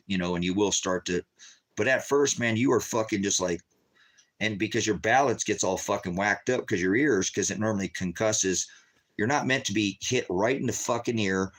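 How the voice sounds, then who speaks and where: A ministry livestreamer with a fairly low-pitched, fairly bright voice rambles to his viewers in an agitated, heavily profane monologue, repeating himself often.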